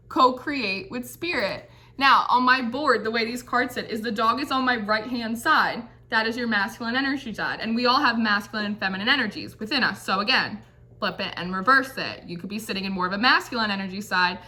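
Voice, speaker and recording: A woman's voice: a little high, pushed and bright. A woman giving a casual, chatty tarot reading, peppering her talk with "like" and giggling. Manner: chatty, says like constantly, giggly. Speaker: tarot reader.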